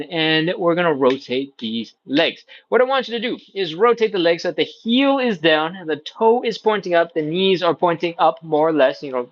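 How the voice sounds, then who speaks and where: A man's voice: on the high side, muffled recording. A man leading a live stretching workout, explaining each step in an encouraging, playful way. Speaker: stretching instructor.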